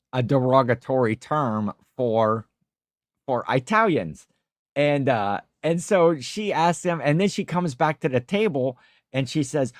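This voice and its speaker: Heard in a dry, studio-quality recording, a medium-pitched man hosts a casual livestream chat. He rambles through stories and reads viewer comments aloud.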